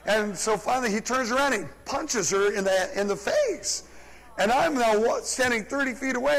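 A man, a pastor, preaching and telling a story in a lively, chuckling way during a church service. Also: very high voice, moderate pace. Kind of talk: sermon storytelling. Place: church service, large room. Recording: live church recording with long hall reverb.

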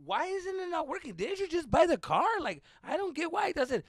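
A man acting out an overdramatic, whiny teenage boy who complains with shouts. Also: very high voice, big pitch swings, a little fast, no room sound, pitched above the performer's own voice. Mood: flustered.

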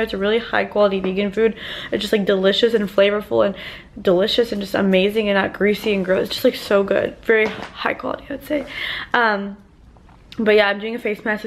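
A woman vlogging in a rambling, chatty way, full of filler "like"s, sounding tired at the end of the day. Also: medium pitch. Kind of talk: casual vlog chat.

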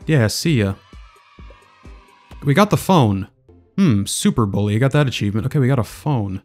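A man narrating his video game play in a loose, casual way, half talking to himself as he works out his next move. His voice sits at an average pitch, and soft music plays underneath. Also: expressive, moderate pace, long pauses. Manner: casual, muttering as he thinks aloud. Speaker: gaming video creator. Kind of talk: let's play gaming commentary.

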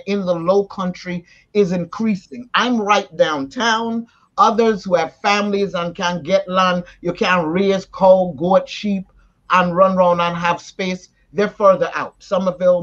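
A woman speaks with a Jamaican accent, talking casually as an interview guest. She moves freely between standard speech and patois with an animated delivery. The audio is dull and lo-fi. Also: on the low side. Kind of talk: casual conversation.

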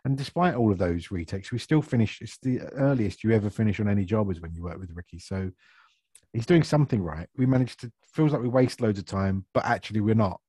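A man, chatting as an actor guest in a relaxed interview, self-deprecating and laughing often. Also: lowish voice, fairly quick, slightly rough, no echo. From Essex, England. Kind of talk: casual interview chat.

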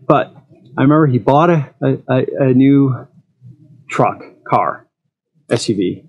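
A man's voice: mid-range voice, animated, measured pace, highs cut off. A man hosting an eFoil channel, talking frankly in a casual monologue and telling personal stories.

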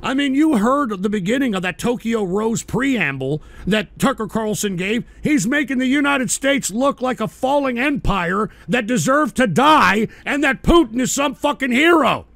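A man hosting a call-in stream, ranting angrily and profanely, shouting in bursts. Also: extremely high pitch, animated, moderate pace, gravelly, hardly any pauses, no echo. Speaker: radio show host.

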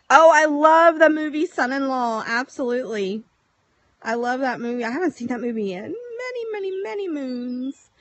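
A woman hosting a casual live stream from the countryside at sunset, chatting warmly and greeting viewers by name on her phone. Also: high voice, no echo. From Texas. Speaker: livestream host.

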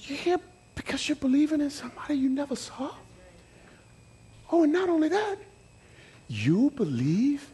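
A man preaching a sermon as pastor, in a folksy, playful manner, swinging between loud shouted lines and quiet asides. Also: high-pitched, breathy edge. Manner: preaching with rising shouts and dramatic swings of volume; folksy, playful storytelling with acted quotes.

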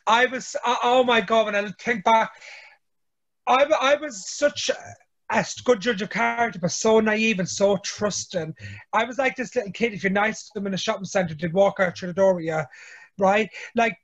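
A young man with a notably high voice, chatting as a reality show guest. He is blunt, swears freely and tells his stories with animated energy. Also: moderate pace. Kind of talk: casual chat.

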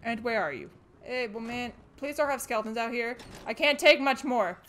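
A woman streaming a horror video game, giving jumpy, excitable commentary and shouting back at the game's characters when she gets scared. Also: fairly high pitch, moderate pace, a little hiss or hum. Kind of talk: let's play commentary.

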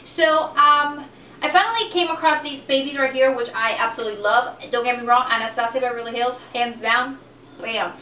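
Bright, gushing young woman vlogger. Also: a little high, moderate pace, echoey room, far from the mic, a little hiss or hum. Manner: chatty and gushing, calls products "baby". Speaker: beauty vlogger. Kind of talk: casual product review.

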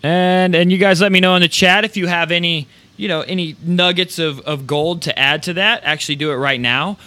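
A man hosting a podcast, giving energetic, rambling motivational talk with casual swearing. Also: sits high, brisk. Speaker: podcast host.

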